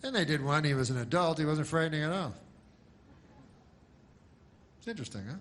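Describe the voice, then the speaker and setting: Deadpan rambling male comedian. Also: on the high side, a little hiss or hum. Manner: deadpan, halting, full of false starts. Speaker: stand-up comedian. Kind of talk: rambling stand-up set.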